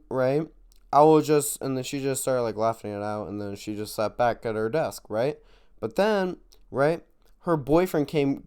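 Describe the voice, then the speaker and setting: Guy rambling thru a storytime, lots of like and cussing, smooth clean voice. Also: medium pitch, a little mellow. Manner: rambling, full of "like" and swearing. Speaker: vlogger. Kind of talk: casual storytime.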